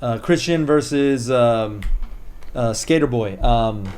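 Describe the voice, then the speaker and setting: A man co-hosting a wrestling podcast, talking excitedly and rambling, with many fillers and some swearing. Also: medium pitch, slow. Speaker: podcast co-host. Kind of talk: casual wrestling chat.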